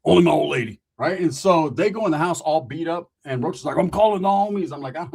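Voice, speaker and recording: A man's voice: fairly high pitch, fast, vocal fry, breathy edge. A man telling a rambling, profane street story in casual slang, full of asides.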